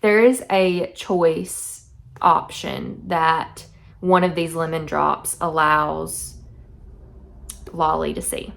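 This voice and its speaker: A young woman talks through a book in a casual vlog, chatty and effusive. Her voice sits a little low and has a gravelly fry. She reads short passages aloud between her thoughts. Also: level tone, slow pace. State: teary-eyed. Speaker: book vlogger.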